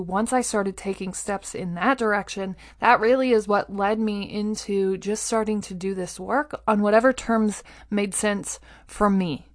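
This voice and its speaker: A woman's voice: mid-range voice, dry recording, clean studio sound. A woman hosting a motivational talk, conversational and encouraging, who keeps checking in with her listener. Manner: earnest and encouraging. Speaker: motivational podcast host.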